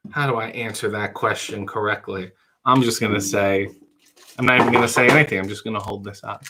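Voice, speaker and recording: A man's voice: on the low side, steady tone, a little fast, very noisy. A man hosting a casual late-night livestream, answering viewer chat with dry, wry quips. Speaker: livestream talk show host reading viewer chat.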